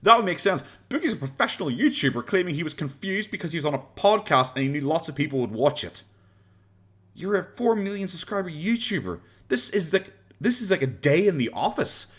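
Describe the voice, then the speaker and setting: Sarcastic Irish man with a lively voice. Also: a little high, fairly quick, husky. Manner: sarcastic, mocking, laughs often. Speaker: streamer reacting to a clip. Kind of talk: casual reaction commentary.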